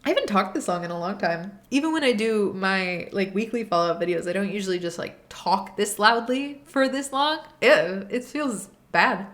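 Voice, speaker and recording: A young adult woman hosting unscripted reaction commentary, ranting in an animated and exasperated way. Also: medium pitch, normal speed, few pauses. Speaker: video essay host.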